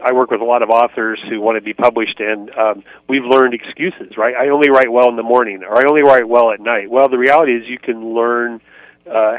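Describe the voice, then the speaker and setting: A man's voice: mid-range voice, no echo. A man from Indiana, a ministry author and interview guest, talking earnestly and reflectively with many fillers and restarts. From United States, Indiana. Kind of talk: conversational interview answers. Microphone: phone line. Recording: tinny phone line, dry.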